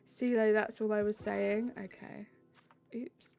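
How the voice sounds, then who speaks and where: A woman streamer with a gravelly, dark, mid-range voice speaks slowly with a flat delivery. She chats casually with her live chat, giggling and poking fun at herself as she reads messages.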